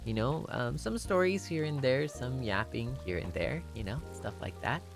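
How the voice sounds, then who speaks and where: A man's voice: mid-range voice, lively intonation, normal speed, creaky, music in the background. A man hosting a casual anniversary chat stream, giggly and rambling, shy and self-conscious, switching between English and Japanese. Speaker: streamer host.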